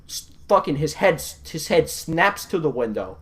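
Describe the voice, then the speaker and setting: Profane, animated young man telling stories. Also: on the high side, moderate pace. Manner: profane, animated, swings from mumbling to yelling. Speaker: podcast host. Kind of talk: casual podcast storytelling.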